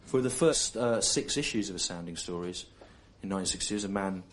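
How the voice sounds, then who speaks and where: A man performing a stand-up routine on stage, deadpan and digressive, talking straight to members of the audience. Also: sits low, brisk. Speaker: stand-up comedian. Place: comedy venue, live on stage. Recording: noisy live venue recording. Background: audience laughter.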